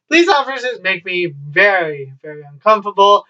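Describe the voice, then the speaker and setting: A young vlogger with a high, bright, forceful voice tells casual stories at home with a child nearby, talking a little fast with hardly any pauses. He rambles with wry asides and plenty of swearing, recorded dull and lo-fi from a distance.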